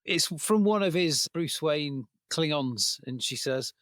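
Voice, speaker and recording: A man's voice: a little high, expressive, slow, fairly bright tone, no room sound, studio quality. A man on a film podcast panel, tossing in playful joking asides. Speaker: podcast co-host. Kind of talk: casual film-review chat.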